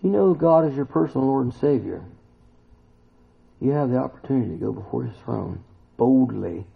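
A man preaching a sermon, emphatic and full of rhetorical questions, now and then climbing to loud exclamations. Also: mid-range voice, normal speed, vocal fry, breathy edge. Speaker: pastor. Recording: tinny phone-like recording.

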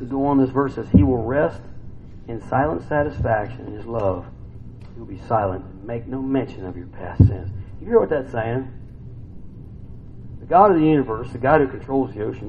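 A man preaching a sermon in a conversational way, asking rhetorical questions, humming to himself, and swinging between soft, low scripture reading and loud, excited outbursts. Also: highs cut off, slight background noise.

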